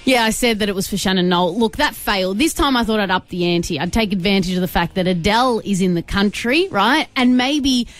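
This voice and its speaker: A woman's voice: mid-range voice, fairly quick, few pauses, faint music behind. Chatty woman radio host. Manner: chatty, conversational setup with asides. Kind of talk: casual chat.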